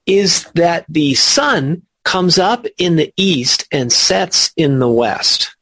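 A man leading a spiritual study class, explaining ideas in an animated way, laughing and asking questions. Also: on the high side, slow pace, hardly any pauses, husky, dry recording. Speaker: spiritual teacher.

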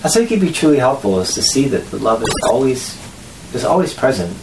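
A spiritual study group teacher giving a lesson to a group, animated, laughing often and acting out voices. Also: mid-range voice, quick pace, reverberant, very noisy.

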